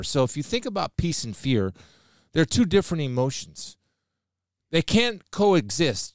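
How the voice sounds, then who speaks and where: A man's voice: lowish voice, a little mellow, no room sound, clean studio sound. A middle-aged man giving an earnest spoken devotional talk, quoting scripture and sharing a personal story. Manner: earnest, preacherly, quotes scripture. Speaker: speaker sharing faith.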